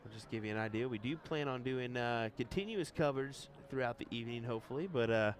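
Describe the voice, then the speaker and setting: Man, darts commentator, live sports commentary, mid-pitched voice, relaxed banter. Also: fast.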